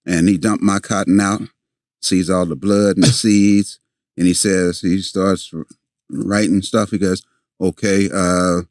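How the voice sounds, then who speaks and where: Older guy telling a story, real deep voice, lots of uhs and restarts. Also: fairly even intonation, a little mellow, dry recording, clean studio sound. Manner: halting, many fillers and restarts. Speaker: guest. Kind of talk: storytelling in a podcast interview.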